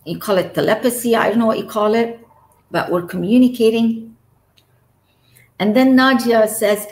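A woman's voice: a little high, steady tone, moderate pace, pauses often, a little mellow, echoey room, poor audio. A woman telling a personal story as an interview guest, emotional and trailing off between phrases.

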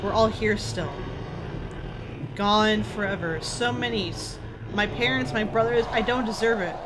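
A woman's voice: medium pitch, measured pace, background noise, lightly acted. A woman reading the lines of a frightened, tearful young girl who stammers and repeats herself. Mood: grieving.

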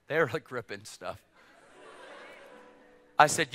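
A man preaching a storytelling sermon in a church or event hall, animated and swinging from hushed asides to shouts. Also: medium pitch, a little fast, long pauses. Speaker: evangelist preacher. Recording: echoey hall with faint music.

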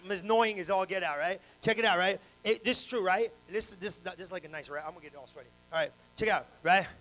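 A male pastor preaching an animated sermon in a church, talking in casual slang and urging the congregation to answer back. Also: sits high, fast talker, low-quality recording. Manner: animated, preaching in street slang with call-and-response. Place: church sanctuary.

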